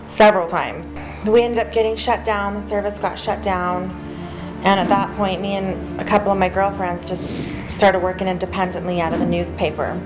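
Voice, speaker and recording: A woman who runs an escort agency, talking candidly and casually on camera for a documentary, swearing freely as she tells her stories. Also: medium pitch. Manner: casual, profane storytelling. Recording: roomy sound with music behind. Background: music.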